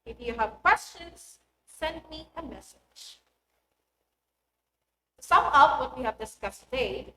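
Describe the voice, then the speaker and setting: A woman, a teacher giving a recorded English lesson in a clear, deliberate voice that stresses key words. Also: high-pitched, a bit bright. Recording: echoey room with faint noise.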